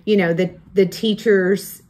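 A woman's voice: medium pitch, steady tone, a little slow, a little mellow. A woman who is a school principal, hosting a podcast and encouraging her guest as she asks questions. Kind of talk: podcast interview, read intro then casual questions.

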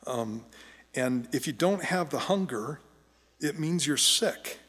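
Joking pastor preaching in a reverberant church. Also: male voice, fairly high pitch, lively intonation, takes it slowly, fairly bright tone, slightly rough. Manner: conversational, joking, with frequent restarts. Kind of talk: sermon. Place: church sanctuary. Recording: long church hall reverb.

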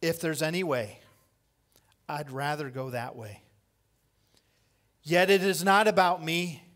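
A pastor preaches a sermon in a slow, rather high voice, swinging between loud impassioned cries and hushed lines. He repeats key phrases for emphasis.

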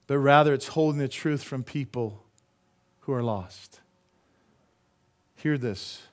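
A middle-aged pastor preaches a sermon with emphasis, posing many rhetorical questions to the congregation. His voice is medium-pitched.

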